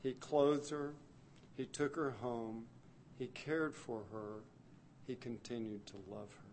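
A man preaching a sermon, telling the story dramatically and swinging from hushed, soft passages to loud, urgent ones. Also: mid-range voice, slight background noise.

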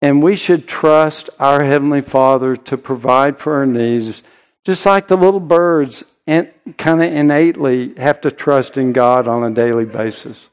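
A man preaching a sermon in an earnest, emphatic way, with deliberate pauses. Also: medium pitch, clear, resonant tone. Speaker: pastor.

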